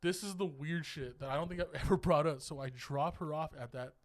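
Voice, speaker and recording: A young man co-hosting a podcast, telling a long story in a rambling, animated way and laughing as he goes. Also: fairly high pitch, brisk. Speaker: podcast co-host. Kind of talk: casual storytelling.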